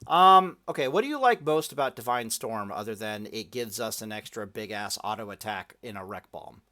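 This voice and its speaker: A man's voice: on the low side, expressive, moderate pace, bright, forceful tone. A man hosting a casual gaming podcast, rambling and swearing freely, often restarting his sentences. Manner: profane, rambling, lots of restarts. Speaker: podcast host.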